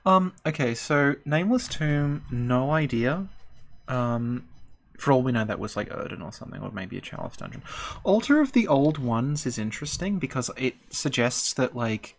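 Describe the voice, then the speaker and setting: A woman's voice: very deep voice, lively intonation, normal speed, vocal fry. Rambling woman streaming game lore. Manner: rambling, hesitant, many fillers. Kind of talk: casual stream chat about game lore.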